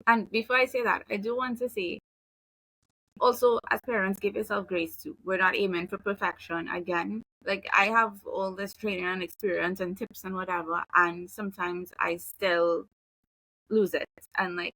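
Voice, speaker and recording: Bright, gravelly-voiced woman giving parenting advice. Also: mid-range voice, normal speed, dry recording, low-quality recording. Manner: relaxed, chatty, acts out example phrases. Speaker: behavioral analyst guest. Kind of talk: casual advice conversation.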